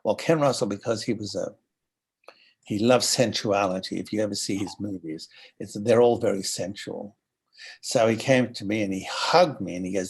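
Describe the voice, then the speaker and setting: An older Australian man telling animated anecdotes as an interview guest, acting out the voices of people he quotes. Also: fairly low pitch, moderate pace, husky. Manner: animated storyteller who acts out quoted voices. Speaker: guest actor.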